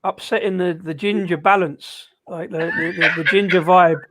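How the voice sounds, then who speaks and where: A middle-aged man chatting casually, easygoing and a bit halting. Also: sits high, steady tone, a crowd in the background. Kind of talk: casual chat.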